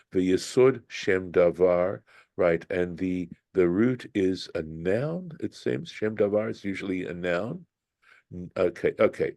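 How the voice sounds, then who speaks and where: Deep-voiced man teaching Hebrew grammar. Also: warm tone, no room sound. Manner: halting, thinks aloud with many restarts. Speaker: Bible study teacher. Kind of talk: explaining Hebrew grammar to a class.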